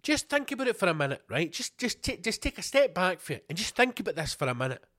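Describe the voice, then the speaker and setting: A man's voice: high voice, very animated, fast talker, bright, forceful tone, dry recording, studio quality. A Scottish man hosting a podcast, ranting angrily with heavy swearing and repeated rhetorical questions. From Scotland. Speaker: podcast host. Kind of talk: ranting monologue.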